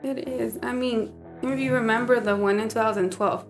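A young woman co-hosts a podcast over music, her fairly high voice holding a steady tone. She chats casually and earnestly, quick to agree.

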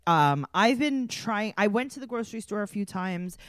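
A woman's voice: mid-range voice, expressive, moderate pace, no echo, clean studio sound. A woman hosting a casual podcast, teasing her co-hosts with sarcastic questions. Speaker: podcast host. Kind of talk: casual chat.

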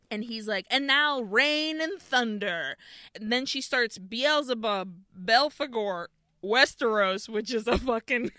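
Bright, swearing woman podcast host. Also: on the high side. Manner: animated, profane, laughing retelling. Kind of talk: casual film recap chat.

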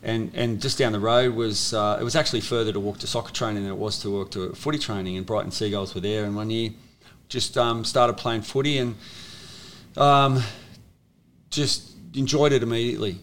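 A man's voice: lowish voice, fairly even intonation, a little fast, fairly bright tone, slight background noise. An Australian man in his fifties, a former rugby league player, telling stories in a casual, rambling way with many restarts. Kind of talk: casual storytelling interview.

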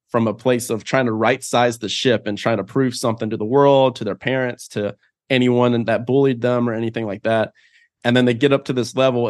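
A male guest on a podcast, speaking at a middle pitch in a loose, casual way. He rambles and fills his talk with small filler words while he works out his points. The sound is close and dry. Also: no echo. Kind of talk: podcast interview.

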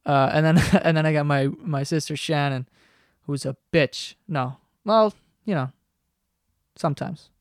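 Speaking into a podcast mic in his basement bedroom at home, this twenty-something host rambles through a solo show, swearing casually and poking fun at himself. He has a fairly high pitch and a measured pace. The recording is clean studio sound with no room sound.

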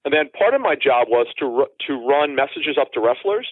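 This caller, a football insider in his forties, tells stories in a loose, rambling way during a casual interview, often restarting and adding asides. His medium-pitched voice is animated and brisk with a breathy edge, recorded dry over a tinny phone line.

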